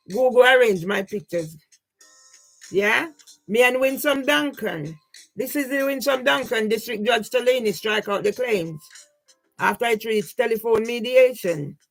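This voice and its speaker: Heard in a rough recording, an older vlogger with a voice on the high side chats casually about her personal photos. She rambles in a grieving, aggrieved manner, frequently checking in with the listener with "yeah?"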